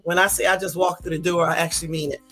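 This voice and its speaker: A woman's voice: lowish voice, steady tone, quick pace, fairly bright tone, faint music behind. Chatty, breathless woman live-streaming. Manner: chatty, loose and rambling, addresses viewers as y'all. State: tired and a bit out of breath. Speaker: YouTube live host. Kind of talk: casual live-stream chat.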